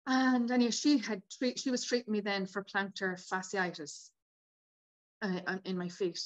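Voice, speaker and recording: A woman speaks as a podcast guest at an even, middle pitch. She tells her story in a lively, animated way and slips into the voices of the people she quotes. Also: moderate pace. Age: 50s. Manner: animated, acts out quoted dialogue. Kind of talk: casual storytelling.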